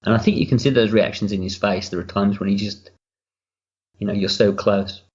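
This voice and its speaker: In a muffled home recording, a man offers relaxed director's commentary, speaking frankly and at length with casual swearing and plenty of rambling. He's a writer-director whose low, slightly mellow voice runs fairly quick with fairly even intonation.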